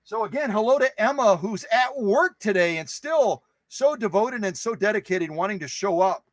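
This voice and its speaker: A man's voice: high-pitched, animated, normal speed, no echo, poor audio. A man hosting a live stream who chats casually with viewers, greeting them by name in a playful, goofy way and repeating phrases for fun.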